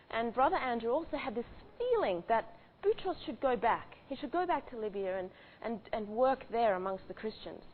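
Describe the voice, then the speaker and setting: Woman retelling a story over tinny audio. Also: medium pitch. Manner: conversational with frequent restarts and fillers. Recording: tinny phone-like audio with faint hiss.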